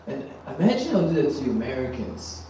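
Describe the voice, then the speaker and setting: A man in his thirties from Germany doing a stand-up set in a small club, loose and halting with plenty of ums and frequent laughter at his own jokes. His pitch rises and falls in a lively way. The sound is very roomy and distant, with a faint hiss underneath. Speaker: stand-up comedian. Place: small comedy venue.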